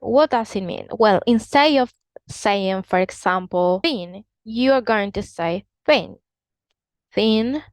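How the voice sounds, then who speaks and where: A woman teaching an online English lesson, explaining carefully and slowly modelling pronunciations. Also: medium pitch, clean tone, no room sound.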